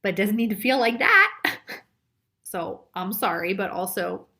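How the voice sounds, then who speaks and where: A woman's voice: mid-range voice, animated, unhurried, bright, forceful tone. A woman doing a live group psychic reading, blunt and chatty, swearing and laughing often. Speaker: psychic reader.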